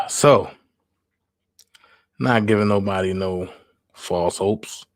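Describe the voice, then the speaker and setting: A man hosts a casual livestream and speaks slowly in a lowish voice. His talk is blunt and candid. The sound is close and dry, with little room in it. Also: dry recording. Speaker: livestream host.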